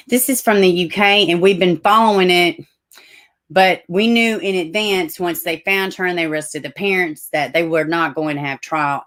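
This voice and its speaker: A woman's voice: fairly low pitch, fairly bright tone. A middle-aged woman with a Tennessee Southern accent, hosting a casual livestream, reading news aloud with chatty asides and self-corrections. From Tennessee, USA. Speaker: livestream host.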